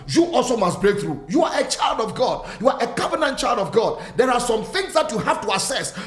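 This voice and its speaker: A man preaching with fervent, driving repetition, stacking phrase on phrase. His voice sits high for a man. The room gives it a clear echo. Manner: quieter, friendly greetings to online viewers. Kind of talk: sermon.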